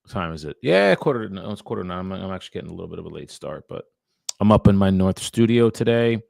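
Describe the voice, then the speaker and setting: Livestreaming from his home studio, a male real estate agent rambles casually to viewers between cold calls. His low, darkish voice is animated and quick, with vocal fry. The sound is studio quality with no room noise.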